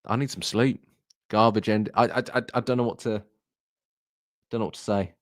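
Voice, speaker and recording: A young man with a hoarse, fairly low voice reacts live to a football result, sounding deflated and halting as he repeats himself. He speaks close to a desk mic in a dry, dead room. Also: fairly even intonation, dry recording. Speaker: football fan streamer.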